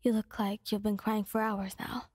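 A woman voicing a calm, caring teenage boy hero in whispered role-play, soft and gently coaxing. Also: medium pitch, normal speed, slightly rough, dry recording, clean studio sound, natural voice. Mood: gentle.

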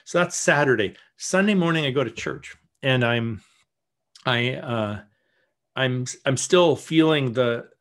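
A man's voice: mid-range voice, expressive, measured pace. A man telling a candid story as a sermon. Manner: candid storytelling with soft murmured prayers. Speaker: guest teacher. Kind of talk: sermon told as a personal story. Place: church.

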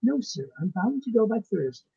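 A man's voice: sits high, very animated, normal speed, creaky, warm tone, breathy edge, dull audio, pitched above the performer's own voice, full character voice. A man voicing a placid, stubborn old peasant housekeeper woman with rustic grammar, reading a ghost story aloud. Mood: evasive.

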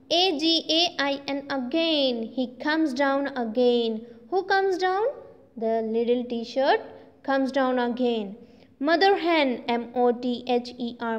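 A woman's voice: high voice, big-room sound. A woman teaching young children, spelling out each word letter by letter and repeating it in a sing-song way. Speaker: primary school teacher.

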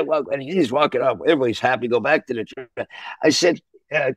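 An older man from Canada, a musician, telling animated, salty stories in an interview and acting out the voices. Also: medium pitch, fairly quick, no echo, clean studio sound. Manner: animated, swears, acts out voices. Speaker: musician guest.

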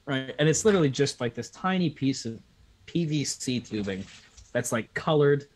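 A man from Pennsylvania, a guest on a live video call talk show, telling animated, profane anecdotes in a casual way. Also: medium pitch, normal speed. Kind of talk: casual storytelling chat.

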